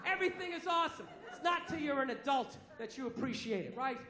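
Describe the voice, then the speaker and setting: A man in his forties with a Boston accent, performing stand-up with a brash, profane, mock-outraged delivery and a strikingly high voice. His voice rings through an echoey hall while the crowd laughs loudly around him. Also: lively intonation, quick pace, background noise. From Massachusetts, USA. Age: 40s. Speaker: stand-up comedian. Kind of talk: stand-up comedy set. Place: theater stage. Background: audience laughter and ambience.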